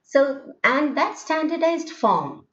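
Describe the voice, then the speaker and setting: A woman's voice: high-pitched, big pitch swings, slow pace, fairly bright tone, a little hiss or hum. A woman teaching English phonetics in a recorded lecture, talking in a hesitant way with many fillers and restarts and checking in with "okay?". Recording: dull, lo-fi, roomy recording.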